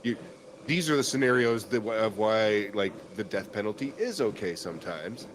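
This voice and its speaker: A man's voice: on the low side, animated, normal speed, noisy background. A man hosting a podcast in casual chat, rambling and swearing freely, with plenty of fillers and restarts. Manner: rambling and profane, full of fillers. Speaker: podcast host.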